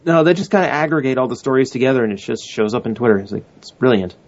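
A man's voice: medium pitch, racing. A man co-hosts talk radio with loose, rambling chat. He restarts his sentences often. The sound is dull, lo-fi. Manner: rambling, self-correcting. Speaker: radio co-host. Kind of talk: casual banter. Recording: dull lo-fi audio.

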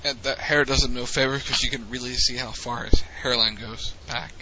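A man hosting a casual wrestling recap podcast, relaxed and teasing, recounting matches play by play. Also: medium pitch, a little fast, muffled recording, slight background noise. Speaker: podcast host.

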